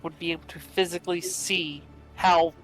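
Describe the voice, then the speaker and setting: A player describing a character's actions in a tabletop role-playing game, casual and pausing to search for words. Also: mid-range voice, fairly even intonation, fairly bright tone, soft background music, rough recording.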